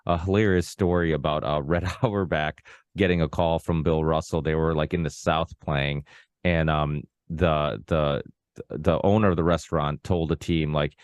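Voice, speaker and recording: A man's voice: extremely low pitch, steady tone, moderate pace, no room sound, studio quality. A man hosting a podcast, talking in a rambling, casual way with many restarts and asides. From Portuguese background. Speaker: podcast host. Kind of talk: casual conversation.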